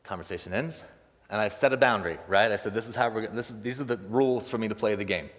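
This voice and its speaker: A young man preaching a sermon, telling a personal story in an animated way and acting out the other people's voices, laughing often. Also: lowish voice, fast talker. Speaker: pastor. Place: church sanctuary. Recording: long reverb of a church hall.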